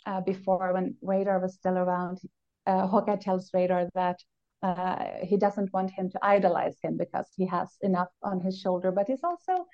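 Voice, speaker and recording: A woman co-hosts a casual chat and thinks out loud in a reflective, analytical way. She pauses and restarts as she works through her points. Her voice comes through a dull, lo-fi recording. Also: fairly low pitch. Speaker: podcast co-host.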